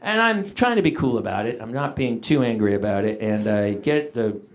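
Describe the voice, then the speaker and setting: A middle-aged male stand-up comedian telling a family story in an exasperated, animated way on stage. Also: mid-range voice, moderate pace. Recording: live audience laughter.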